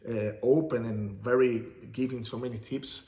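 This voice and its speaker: A man's voice: mid-range voice, normal speed. Laid back guy hosting an interview, says "man" a lot, bit of room echo. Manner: relaxed, chatty, peppered with "you know" and "man". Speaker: interviewer, host. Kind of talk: casual interview chat. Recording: roomy echo.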